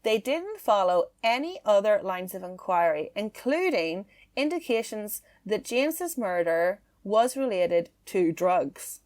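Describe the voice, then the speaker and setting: A woman hosting a casual true-crime podcast, chatty and quick to laugh. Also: medium pitch, big pitch swings, darkish tone. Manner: chatty, laughs easily, filler-heavy. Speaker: podcast host.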